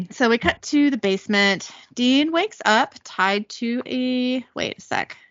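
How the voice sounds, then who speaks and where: A woman casually recapping a TV episode, reading out the dialogue in quick voices and correcting herself as she goes. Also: high voice, expressive, no room sound, highs cut off. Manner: reads lines in quick character voices, self-correcting. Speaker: podcast host recapping an episode.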